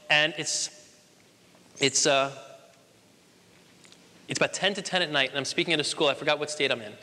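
Male motivational speaker, rapid and emphatic, bright tense tone, big echoing hall. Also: on the high side. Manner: energetic, emphatic storytelling. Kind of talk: motivational speech. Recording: long hall reverb.

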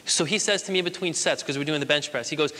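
Male motivational speaker, rapid and emphatic, bright tense tone, big echoing hall. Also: a little high. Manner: energetic, emphatic storytelling. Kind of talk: motivational speech. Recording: long hall reverb.

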